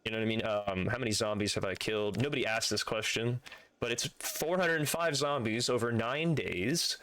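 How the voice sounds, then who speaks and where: A man's voice: fairly low pitch, moderate pace, fairly bright tone. A man streaming a video game live, chatting casually with viewers and swearing freely as he plays.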